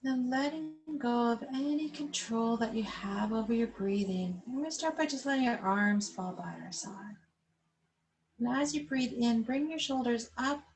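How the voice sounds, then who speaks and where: Woman, yoga instructor, slow calm guidance, fairly high voice, webcam. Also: a little hiss or hum, poor audio. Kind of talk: guided yoga class.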